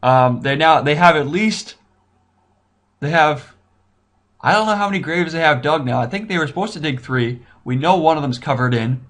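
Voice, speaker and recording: A man talking casually as he recaps and reviews a TV episode, excitable and rambling, thinking aloud with frequent restarts and exclamations. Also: fairly high pitch, moderate pace. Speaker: YouTube TV reviewer.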